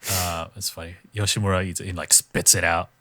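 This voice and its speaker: A man co-hosting a podcast, retelling a show in casual chat and acting out quotes in sudden high voices. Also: level tone, fairly quick, sharp tone, slight background noise. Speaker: podcast co-host.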